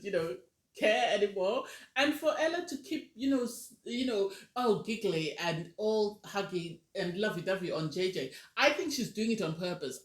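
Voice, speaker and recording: A woman casually reviewing a reality TV episode, animated and ranting, often acting out what people said. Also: on the low side. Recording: roomy echo.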